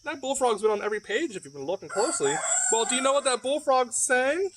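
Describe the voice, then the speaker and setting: A man's voice: very high voice, expressive, a little fast, pauses often, a bit bright, slight background noise. A man reading a children's picture book aloud, with playful, chatty asides to the young listeners at home. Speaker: library storyteller. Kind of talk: children's story read-aloud.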